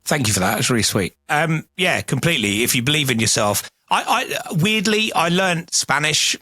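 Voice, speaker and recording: A man's voice: on the high side, animated, normal speed, bright, forceful tone, no room sound. A man who works as a radio presenter, chatting in a friendly, self-deprecating way on a podcast. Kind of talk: casual chat.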